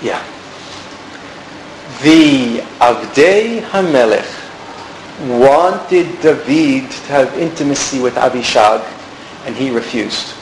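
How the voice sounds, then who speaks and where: A man's voice: medium pitch, animated, slow, long pauses. A man teaching a Bible class, explaining step by step and putting questions to his students. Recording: echoey room, some background noise.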